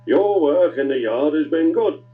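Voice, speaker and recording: A man's voice: a little high, animated, a little slow, recorded from a distance, narrow, tinny audio, soft background music, pitched above the performer's own voice. A man voicing a firm, formal male railway boss in a children's story. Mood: approving.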